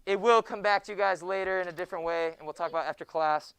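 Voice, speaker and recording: A young man teaching a junior high Bible class in a classroom, joking with the students and often hushing them. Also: steady tone, fast. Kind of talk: classroom lecture.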